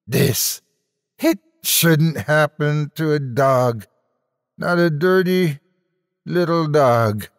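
A man voicing a sorrowful male alien with a high-pitched, hoarse, sad voice. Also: drawn-out words, no echo, clean studio sound, long reverb tail. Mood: wailing sorrow. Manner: wailing, sad.

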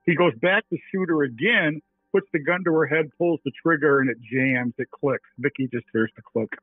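A middle-aged TV reporter and author, interviewed as a guest, tells a story and acts out his phone calls along the way. His voice is on the high side at a moderate pace, recorded dry but with a tinny phone-line quality.

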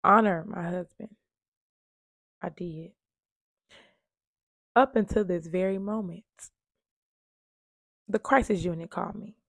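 A woman's voice: fairly low pitch, slow pace, creaky, long pauses, fairly bright tone, no echo. A woman earnestly telling her own story of surviving domestic violence, with emphatic repetition. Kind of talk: emotional personal storytelling.

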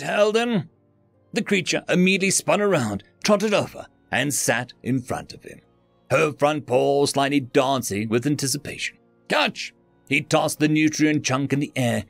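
A male storyteller narrates a science fiction tale with dramatic expression. His slightly high voice is gravelly and swings widely in pitch. It is recorded dry and close over faint background music. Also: dry recording.

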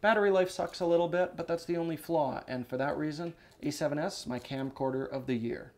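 A man's voice: a little high, fairly even intonation, fairly quick. A man co-hosting and editing a camera review show, talking gear with tipsy enthusiasm. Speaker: co-host and editor. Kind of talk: casual product review banter.

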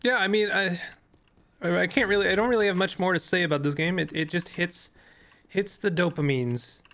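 A young man chats loosely over his gameplay, full of fillers and false starts. His voice sits a little high and has a gravelly, fry-heavy edge, worn down as if he is losing it. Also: moderate pace, fairly bright tone. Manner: rambling, many fillers and restarts. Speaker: gaming YouTuber. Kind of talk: casual gameplay commentary.

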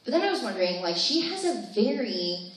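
A woman's voice: medium pitch, big pitch swings, a little fast. A young woman in her twenties doing a chatty, self-deprecating stand-up set full of fillers at a live comedy show. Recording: echoey room, distant mic, faint noise.

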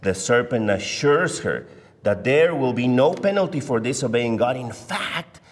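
A man gives a Bible lesson at a deliberate pace, leaning hard on the words he wants to land. His mid-range voice rings out with a long reverb in a large church hall. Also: mid-range voice, lively intonation. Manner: measured, deliberate, emphatic on key words. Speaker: Sunday school teacher. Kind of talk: Bible teaching lecture. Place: church sanctuary.

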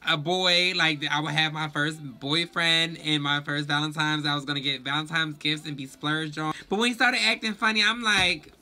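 A young man telling a storytime vlog in a sassy, profane, animated way. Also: a little high, normal speed, hardly any pauses. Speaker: vlogger.

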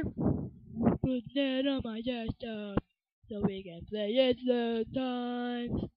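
An excitable woman giving casual gameplay commentary, breaking into shouted outbursts. Her voice sits high and she talks at an unhurried pace. The muffled, lo-fi recording has game music running underneath. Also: no echo. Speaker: gaming channel host.

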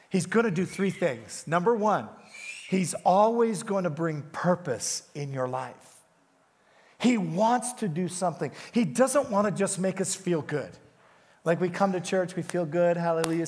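A man preaching a sermon as a guest pastor in a church, telling stories with animation and coaxing the congregation to lean in. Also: high-pitched. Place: church sanctuary. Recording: long hall reverb.

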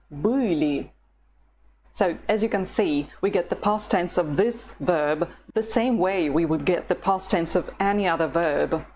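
Woman teaching a language lesson, really slow, lowish voice, faint hum behind. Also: darkish tone. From Russia. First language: Russian. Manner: patient and encouraging, pausing for the listener to repeat.

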